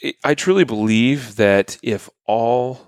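A man's voice: mid-range voice, slow, dry recording, clean studio sound. A man co-hosting a podcast, chatting casually through the news with plenty of fillers. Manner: relaxed, many fillers. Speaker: podcast co-host.

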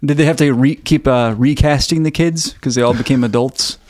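A man's voice: medium pitch, fairly quick, darkish tone, dry recording, clean studio sound. A man co-hosting a podcast, reacting with jokes and the odd swear word. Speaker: podcast co-host. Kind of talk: casual movie chat.

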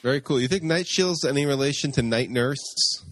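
A man co-hosting a podcast in casual chat, goofy and quick with a joke. His voice sits at an average pitch and is recorded close and dry. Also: dry recording. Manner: goofy, joking. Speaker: podcast co-host.

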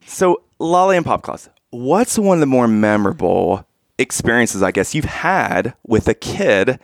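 A man's voice: mid-range voice, expressive, unhurried, gravelly, no room sound, clean studio sound. A man hosting a podcast, giving upbeat introductions and asking interview questions. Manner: upbeat, scripted-sounding introductions. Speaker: podcast co-host.

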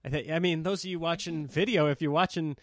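A man's voice: fairly high pitch, steady tone, fast, a bit bright, dry recording. A man hosting his own comedy podcast, talking casually and self-deprecatingly, swinging into mock voices as he rants. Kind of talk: casual solo podcast rant.

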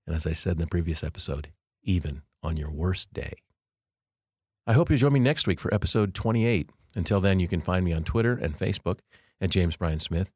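A man hosting a podcast, giving a reflective devotional monologue with slow, deliberate, emphatic phrasing. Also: deep voice, a little mellow, slightly rough, no echo, clean studio sound. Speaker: podcast host.

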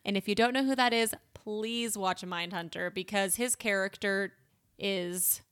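A woman's voice: mid-range voice, a little slow, a bit bright, clean tone. Blunt, swearing woman podcast co-host. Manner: blunt, swears freely, lists names matter-of-factly. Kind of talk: casual true-crime chat.

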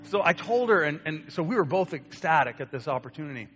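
A young man preaching, telling a personal story with lively acted-out voices. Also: fairly high pitch, fast talker. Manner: animated storyteller acting out quoted voices. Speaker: pastor. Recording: long hall reverb with soft guitar.

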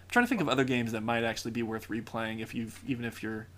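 A man's voice: mid-range voice, fairly even intonation, quick pace, a bit bright. A man on a casual gaming podcast who thinks aloud, hesitating and restarting his sentences. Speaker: podcast co-host.

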